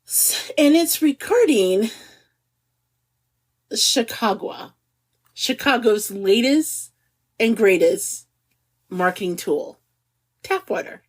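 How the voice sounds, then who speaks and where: Speak as a middle-aged woman co-hosting a casual podcast. Let your pitch bounce around freely, keep a soft husky edge, and stretch key words with a giggle underneath. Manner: animated, giggly, drawn-out emphasis. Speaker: podcast co-host. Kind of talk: casual chat.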